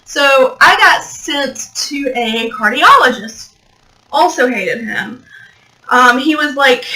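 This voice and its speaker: A woman's voice: sits high, animated, takes it slowly, pushed and bright, low-quality recording. A young woman rambling and joking as she tells a story in a casual vlog, recorded without her mic plugged in. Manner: rambling, joking, swears, laughs often. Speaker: vlogger. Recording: built-in mic, mic not plugged in.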